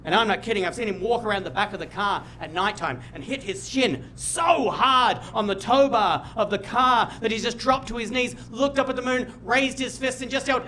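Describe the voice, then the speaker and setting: A young Australian man doing stand-up, telling a long story about his family and sometimes shouting out the lines he acts out. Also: extremely high pitch, moderate pace, few pauses, slight background noise. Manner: animated, jumps to loud shouts when acting out his dad. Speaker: stand-up comedian. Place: comedy stage before a live audience.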